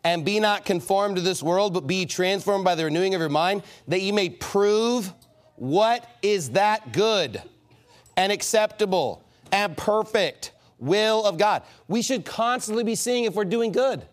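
A man preaching a sermon as pastor, in an animated, mocking and emphatic manner. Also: high voice, unhurried.

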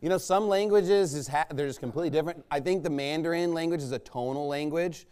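A man's voice: on the high side, fast, a little mellow, smooth. A man preaching a sermon in a loose, conversational way, often checking with the congregation. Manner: conversational, rambling, asks listeners "right?".

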